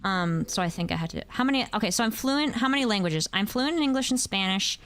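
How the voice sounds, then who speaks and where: A woman's voice: mid-range voice, expressive, fast, fairly bright tone, a little hiss or hum. A young woman chatting casually on a gameplay stream, rambling and answering her chat, with faint music behind her.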